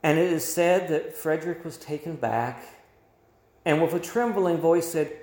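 A man's voice: fairly high pitch, normal speed, a little mellow. A male pastor preaching a sermon with emphatic delivery, his voice swelling and dropping. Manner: emphatic preaching with rising and falling volume. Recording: roomy echo.

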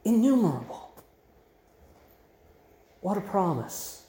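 Animated preacher man in an echoing room. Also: sits high, slow. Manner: expository, conversational preaching with emphatic quoted voices. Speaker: pastor. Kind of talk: sermon. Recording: roomy echo.

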